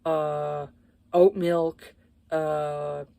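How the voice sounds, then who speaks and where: Lowish-voiced woman ranting about a book, cusses a lot, lots of uhs and ums, dry close sound. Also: little pitch movement, drawn-out words, creaky, warm tone, smooth, no echo. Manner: blunt, profane, exasperated; hesitant with many fillers. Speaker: book reviewer. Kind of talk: casual book review rant.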